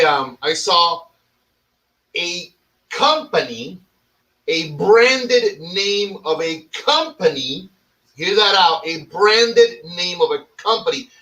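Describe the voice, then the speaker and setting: Male host, casual profane chat, animated and mock-dramatic, bright and slightly high voice, a little off-mic. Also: recorded from a distance, rough recording. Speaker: podcast host.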